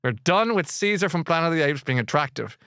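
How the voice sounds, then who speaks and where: A man's voice: on the high side, fast, clean tone, no room sound, studio quality. Chatty man hosting a book show. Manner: rambling, jokey, animated with fillers and restarts. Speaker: radio book show host. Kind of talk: casual chat.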